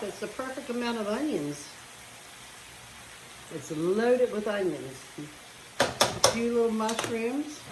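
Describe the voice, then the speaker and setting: A woman's voice: a little high, background noise. A woman talking casually as she cooks at home, chatting her way through each step. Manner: chatty, talks while cooking. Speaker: home cook. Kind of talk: casual cooking demonstration. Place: home kitchen. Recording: echoey kitchen with frying sizzle.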